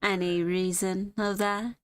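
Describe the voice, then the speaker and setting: A woman's voice: medium pitch, level tone, slow, smooth, no echo, natural voice. A woman voicing a flirty hooved female flower shopkeeper with a slight put-on Southern twang who calls customers darling. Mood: flirtatious. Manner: sweet-talking, calls people darling.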